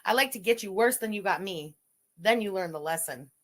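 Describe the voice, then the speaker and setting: A woman livestreamer on an angry, profane rant, shouting insults at her audience. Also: medium pitch, expressive, brisk.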